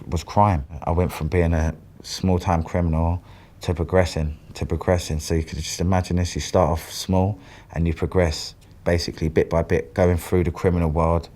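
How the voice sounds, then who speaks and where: A man's voice: low voice, a little mellow. A man giving an interview, recounting his past in a blunt, matter-of-fact way. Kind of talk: personal storytelling interview.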